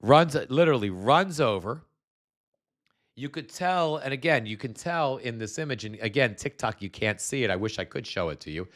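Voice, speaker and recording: A man's voice: medium pitch, animated, moderate pace. A man hosting a live stream, talking bluntly and scornfully, with many restarts as he explains things at his computer. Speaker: show host.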